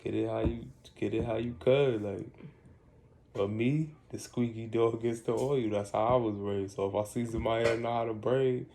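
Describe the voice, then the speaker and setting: A man's voice: medium pitch, fairly even intonation, normal speed, creaky, mellow, a little hiss or hum. A man in a casual, argumentative chat, talking in a laid-back slangy way and acting out what he would say. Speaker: host.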